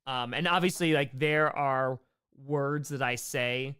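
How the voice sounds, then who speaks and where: A young man with a New York accent chatting casually and quickly while answering viewer questions on a live stream, playful and animated. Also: medium pitch, smooth. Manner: fast, animated, playful, reads chat aloud.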